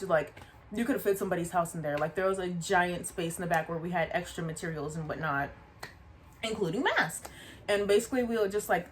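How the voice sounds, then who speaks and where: Casting note: lower-voiced woman, chatty storytime vlogger, animated delivery, faint hum behind. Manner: animated, chatty, repeats asides to the viewer. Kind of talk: casual storytime.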